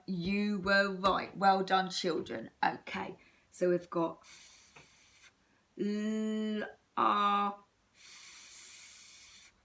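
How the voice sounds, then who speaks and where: An English woman teaching young children a phonics lesson, slow, sing-song and encouraging, stretching words out. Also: mid-range voice, fairly bright tone. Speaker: primary school teacher.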